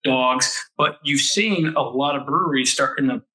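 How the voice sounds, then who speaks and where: Rambling male co-host with a forceful voice, casual podcast talk. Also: medium pitch, moderate pace, poor audio. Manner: rambling, explaining at length.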